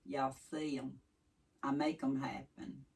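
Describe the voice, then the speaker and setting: A vlogger from East Tennessee with a Southern accent chats casually to her viewers in a folksy, rambling way that wanders off track. Her extremely low, darkish voice is flat, slow, and full of vocal fry, and she sounds a little distant from the mic.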